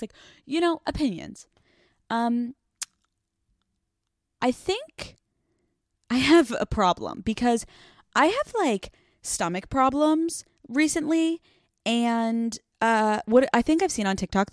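A woman's voice: a little high, big pitch swings, unhurried, long pauses, no room sound, clean studio sound. A woman in her thirties hosting a casual solo podcast, talking in a candid, profane, self-mocking way with lots of fillers and restarts. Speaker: podcast host.

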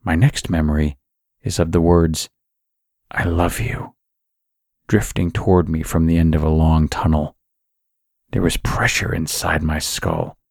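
A man narrates a scripted horror story in a wry, measured way. His voice sits very low and carries a steady gravelly fry. The recording is close and dry, with no room sound. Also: no room sound.

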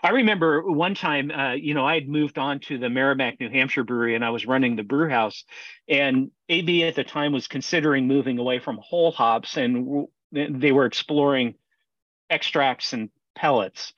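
A man's voice: medium pitch, moderate pace, fairly bright tone, no room sound, lo-fi sound. A man, a brewer, telling rambling stories in a casual interview and laughing often. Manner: rambling anecdotes with frequent laughter. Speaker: brewer, podcast guest.

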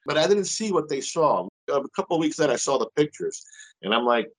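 A middle-aged man telling a story as an interview guest, animated and casual, with a little swearing. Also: on the high side, brisk, breathy edge, low-quality recording.

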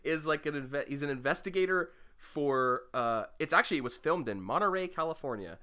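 A man's voice: on the high side, lively intonation, brisk, pushed and bright. A young man co-hosting a podcast, chatting casually with rambling enthusiasm and casual swearing. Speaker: podcast co-host. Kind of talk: casual chat.

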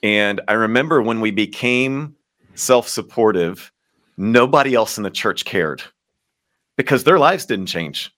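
Easygoing pastor, lowish voice. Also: male voice, lively intonation, unhurried, fairly bright tone. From Kentucky. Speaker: lead pastor and guest. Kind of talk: storytelling interview answers.

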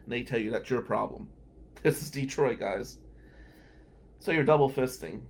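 A man's voice: mid-range voice, normal speed, vocal fry, slight background noise. A man hosting a podcast, a lawyer telling wry, incredulous stories from his working day. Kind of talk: storytelling monologue.

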